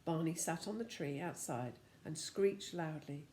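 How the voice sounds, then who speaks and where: An older woman reading a children's storybook aloud as a lively storyteller who talks to the listener. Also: sits low, a little slow, few pauses, echoey room, slight background noise.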